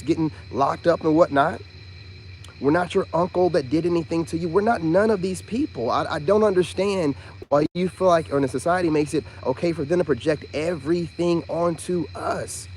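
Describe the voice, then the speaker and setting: A man's voice: on the high side, darkish tone, slight background noise. A man ranting indignantly in a casual monologue, repeating himself and firing rhetorical questions, with mocking asides. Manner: mocking imitations of others. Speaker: vlogger and self-styled spiritual teacher.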